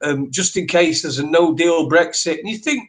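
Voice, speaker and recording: A man co-hosting a talk show, ranting in sweary, animated bursts with lots of restarts. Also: on the high side, normal speed. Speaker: podcast co-host. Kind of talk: ranting opinion chat.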